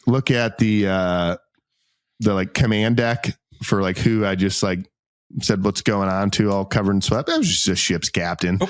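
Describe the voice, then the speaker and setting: A man co-hosting a podcast, telling a long self-mocking anecdote in a casual, animated way, acting out what people said. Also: fairly low pitch, moderate pace, no room sound. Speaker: podcast co-host. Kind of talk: casual storytelling chat.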